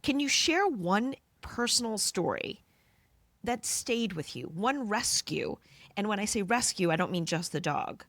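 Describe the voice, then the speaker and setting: A woman's voice: medium pitch, lively intonation, unhurried, a bit bright, no echo. A woman hosting an interview, asking questions and reacting attentively with short exclamations.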